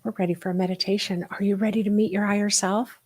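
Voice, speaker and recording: A middle-aged woman leading a live online spiritual workshop, talking in an animated, emphatic way that swings between quick bursts and slow, hushed asides. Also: mid-range voice.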